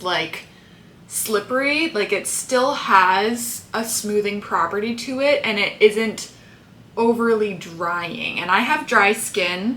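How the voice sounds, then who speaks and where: Woman makeup vlogger, casual and rambling, crisp bright tone. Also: medium pitch. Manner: chatty, rambling asides. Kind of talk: casual tutorial chat. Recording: roomy echo, faint hiss.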